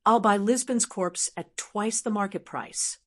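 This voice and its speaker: A calm, proud, wealthy necromancer knight, as a woman narrator puts him on. He speaks evenly and explains things patiently, in a fantasy audiobook read at a middle pitch. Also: unhurried.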